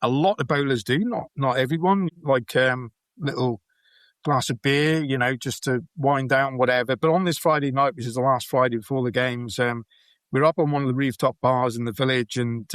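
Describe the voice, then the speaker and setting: A man with a Welsh accent, a podcast guest telling anecdotes in a relaxed, chatty way. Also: mid-range voice, normal speed, no echo. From Wales. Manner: chatty, anecdotal, laughs while telling stories. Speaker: podcast guest, bowls player. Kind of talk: storytelling in a casual interview.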